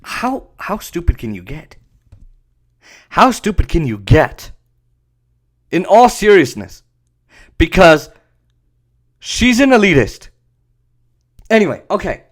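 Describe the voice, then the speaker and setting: A man's voice: high-pitched, big pitch swings, takes it slowly, pauses often. A man hosting a podcast, ranting sarcastically with profanity and laughter. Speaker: podcast host. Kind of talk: ranting commentary.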